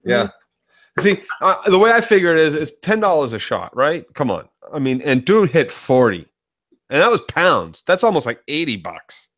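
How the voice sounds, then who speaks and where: A man co-hosting a casual podcast chat, retelling scenes in an animated, profane way. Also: on the high side, normal speed. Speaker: co-host.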